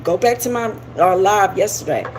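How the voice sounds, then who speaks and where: A woman's voice: mid-range voice, moderate pace, slight background noise, rough recording. A woman hosting a live stream, talking casually and informally about spirituality, rambling with laughing asides. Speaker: livestream host. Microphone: camera on a live stream.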